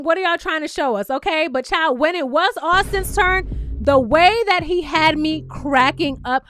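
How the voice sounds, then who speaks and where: A woman recapping a reality show in casual, animated commentary, full of laughter and sassy asides. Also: high-pitched, dry recording, studio quality.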